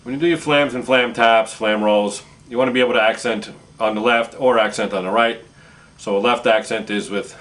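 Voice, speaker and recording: Low-voiced male drum teacher. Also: brisk, over loud music. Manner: calm, plain explanatory talk. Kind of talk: instructional demonstration.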